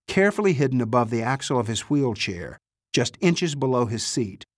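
Measured male audiobook narrator, dry. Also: medium pitch, dry recording. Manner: measured, dry storytelling with lightly voiced characters. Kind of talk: scripted narration.

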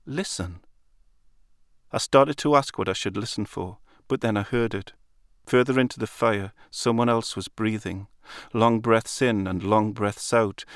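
A man reading a literary story aloud in a calm, measured storytelling manner. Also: fairly low pitch, smooth, no room sound, studio quality. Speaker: narrator. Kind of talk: literary audiobook narration.

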